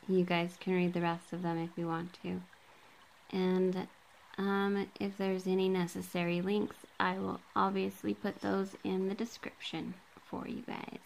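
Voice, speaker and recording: Woman, book vlogger, reading aloud, low gravelly voice, says quote and end quote, casual ums, handheld camera. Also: poor audio. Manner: reads quoted passages, marking quote and end quote.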